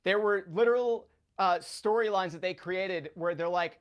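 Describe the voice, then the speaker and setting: Higher-voiced guy from south florida just chatting on a sports show, lively stories. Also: moderate pace. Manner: chatty, animated storyteller. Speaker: sports betting analyst guest. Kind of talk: casual chat.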